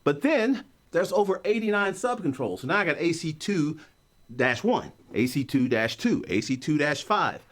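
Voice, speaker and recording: A man teaching an online course, explaining concepts in a joking, story-driven way. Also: moderate pace. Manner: animated, joking storyteller with a lively pitch. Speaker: course instructor. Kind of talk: recorded online lecture.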